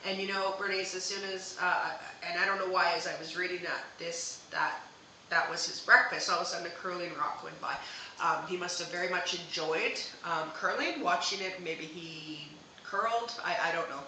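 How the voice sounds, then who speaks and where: A woman's voice: on the low side, fairly even intonation, normal speed, bright, forceful tone, very echoey, a little hiss or hum, rough recording. A woman hosting a live psychic reading, talking hesitantly with many fillers and restarts. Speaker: psychic medium host.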